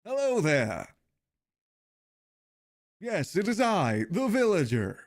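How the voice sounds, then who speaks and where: A man's voice: high voice, wildly swooping pitch, takes it slowly, pitched above the performer's own voice, full character voice. A man voicing a male game villager in a stagey, overly proper British manner with a fixed grin. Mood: theatrical.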